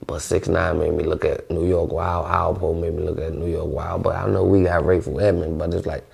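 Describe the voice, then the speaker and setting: Low gravelly-voiced young D.C.-man. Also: level tone, brisk, darkish tone. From Washington D.C. area. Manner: loose, rambling, heavy on slang. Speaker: vlogger. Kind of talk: casual monologue.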